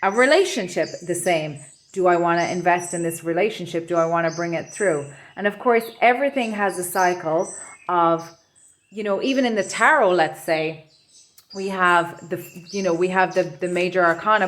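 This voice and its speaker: A woman giving an intuitive tarot reading to camera from her home office, talking in a soft, meandering, reflective way. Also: on the low side, moderate pace. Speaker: tarot reader.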